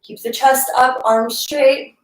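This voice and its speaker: A woman's voice: high voice, fairly even intonation, takes it slowly, roomy sound, poor audio. A young woman leading a live yoga class, casual and encouraging, laughing often and a little out of breath as she moves through the poses. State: slightly out of breath. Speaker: yoga instructor.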